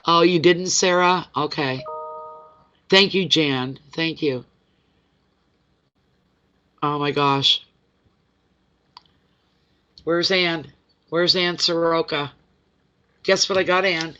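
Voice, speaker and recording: Male tarot reader on a live stream, effusive and emotional, voice a bit high, sound dull and lo-fi. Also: slow, long pauses, bright, forceful tone. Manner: effusive and emotional, chats with viewers by name.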